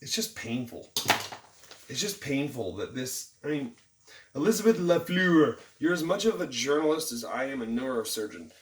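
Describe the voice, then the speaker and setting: A man rants about the news in a mocking, irritated tone and keeps throwing in jokey asides. His voice sits at an ordinary middle pitch. The sound is roomy, and he is set back from the mic. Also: animated, moderate pace, recorded from a distance, slight background noise. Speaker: vlogger. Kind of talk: sarcastic news commentary rant.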